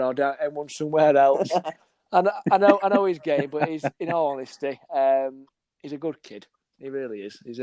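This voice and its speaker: A man, chatting casually as a football scout and acting out little conversations as he tells stories. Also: a little high. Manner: animated storyteller, acts out dialogue. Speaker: football scout, podcast guest. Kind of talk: casual chat.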